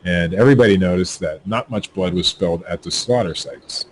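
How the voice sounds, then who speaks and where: Low-voiced and brisk, this man stumbles through news items on his podcast, tossing in jokes and cracking himself up. The recording is rough, with slight background noise.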